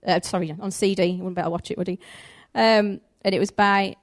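A woman's voice: mid-range voice, a little fast. Woman preaching a story-filled sermon. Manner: animated, conversational, acts out the story's voices.

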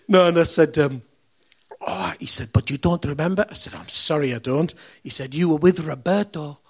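A man preaching a sermon, telling a story in a conversational way that swings from loud, punchy lines to hushed, reverent moments. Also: on the high side, moderate pace, husky.

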